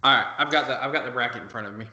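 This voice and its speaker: A man co-hosting a gaming podcast, chatting casually in a relaxed, rambling way. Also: mid-range voice, racing, lo-fi sound, background noise. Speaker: podcast co-host. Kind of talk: casual chat. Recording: echoey room.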